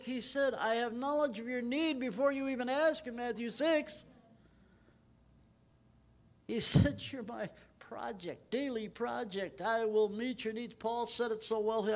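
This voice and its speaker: Male pastor, high voice, emphatic Bible-study preacher who lifts his voice on scripture. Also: creaky. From Texas. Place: church.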